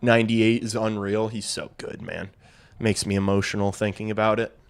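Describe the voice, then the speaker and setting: A man's voice: fairly low pitch, level tone, normal speed, gravelly, smooth. A young man hosting a hockey watch-along stream, calling the play casually, swearing freely and talking to his chat. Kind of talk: casual live play-by-play reaction.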